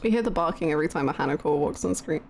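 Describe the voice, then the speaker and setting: A young British woman hosting a casual game stream, reading viewer comments in giggly, bashful, animated bursts. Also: deep voice, rapid-fire, gravelly. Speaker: livestream host.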